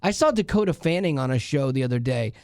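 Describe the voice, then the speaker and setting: A man's voice: medium pitch, lively intonation, quick pace, a little mellow, no room sound, clean studio sound. A man hosting a radio show, chatting casually and rambling with lots of fillers. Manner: rambling, many fillers and restarts. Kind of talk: casual chat. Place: radio studio.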